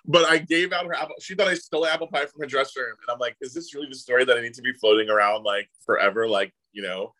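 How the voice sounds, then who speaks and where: A man's voice: mid-range voice, fast talker, hardly any pauses, poor audio. A man, an actor guest, telling anecdotes in casual chat and acting out the people he quotes. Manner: animated, voices others in quotes. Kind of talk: casual storytelling.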